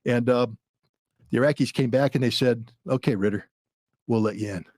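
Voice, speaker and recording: A man's voice: medium pitch, moderate pace, darkish tone, no room sound, studio quality. A man in his sixties, a former weapons inspector and podcast guest, telling a story bluntly and acting out the dialogue. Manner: blunt, vivid retelling with dialogue.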